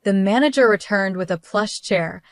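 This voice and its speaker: A woman narrating a first-person story in an even, measured reading. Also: mid-range voice, no echo.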